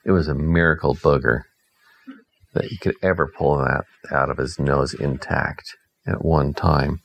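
Deep-voiced man telling a silly bedtime tale. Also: gravelly, a little hiss or hum, low-quality recording. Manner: playful, deadpan silly. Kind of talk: improvised bedtime storytelling.

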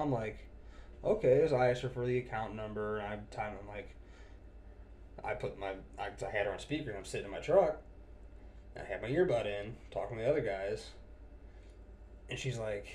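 A man's voice: fairly low pitch, darkish tone. A man casually telling an anecdote about a customer call from his job as a technician. He swears constantly, sounds exasperated and laughs easily. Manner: profane, exasperated, quick to laugh. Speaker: cable technician telling a work story.

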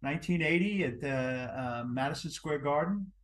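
Man, new jersey accent, podcast co-host, relaxed, fact-reciting, slightly high voice. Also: normal speed. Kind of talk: casual chat.

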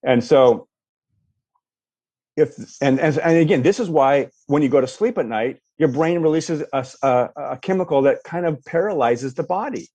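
A man's voice: fairly high pitch, normal speed. A man coaching a guest, leading a visualization and acting out people's reactions as he explains. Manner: animated, acts out quoted reactions. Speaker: life coach. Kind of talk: guided visualization and coaching talk.

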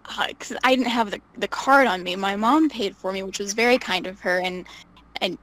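A young woman telling stories casually as an interview guest, animated, laughing often and acting out what people said. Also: medium pitch, moderate pace, rough recording. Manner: animated, laughs often, acts out quoted voices. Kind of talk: casual storytelling.

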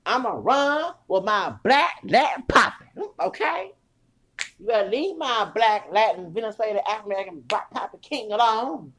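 A woman's voice: a little high, expressive, moderate pace. A woman doing a brash, defiant rebellious daughter. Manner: loud, brash and defiant, swearing. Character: defiant rebellious young woman rejecting her parents.

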